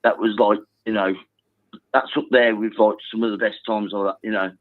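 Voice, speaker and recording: A man calling a football phone-in, telling a story excitedly and swearing now and then. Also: lowish voice, normal speed, no echo. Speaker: caller. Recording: tinny phone line.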